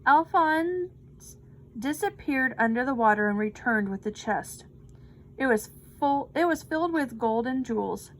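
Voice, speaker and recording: A woman reading a children's picture book aloud with slow, expressive delivery. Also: sits high, poor audio. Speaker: storybook reader.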